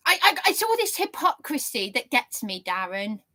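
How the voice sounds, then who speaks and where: A woman's voice: on the high side, big pitch swings, normal speed, sharp tone. A woman vlogger telling an aggrieved story to her viewers in an indignant, rambling way. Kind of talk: aggrieved monologue to camera.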